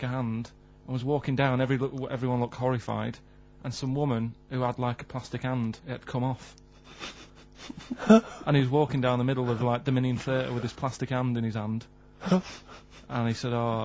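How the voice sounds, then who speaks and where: Deadpan Mancunian man on radio. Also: medium pitch, brisk. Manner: deadpan, literal-minded questions. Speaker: radio show regular. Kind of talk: radio banter. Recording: dull lo-fi radio recording with faint hum.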